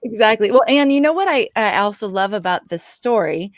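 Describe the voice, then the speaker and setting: A woman hosts a podcast and answers her guest in a relaxed, encouraging way. Her voice sounds dry and close to the mic. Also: mid-range voice, fairly quick, no echo. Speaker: podcast host. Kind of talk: casual interview chat.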